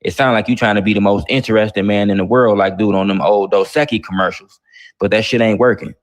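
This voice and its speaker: A man's voice: on the low side, steady tone, fast. A man from Chicago with a Chicago accent hosting a casual live-stream talk show, blunt and confrontational. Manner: blunt, confrontational, swears freely. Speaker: host.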